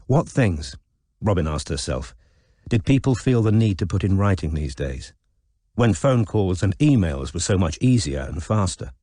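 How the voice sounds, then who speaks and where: This man reads an audiobook from a script in a measured, expressive way. His voice is low-pitched, and the recording is dry with clean studio sound.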